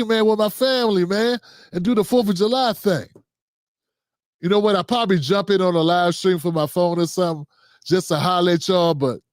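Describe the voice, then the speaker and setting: A high-pitched man hosts a livestream show, reading viewer comments aloud and signing off in a loose, slangy, chatty style. The recording is dry, with clean studio sound.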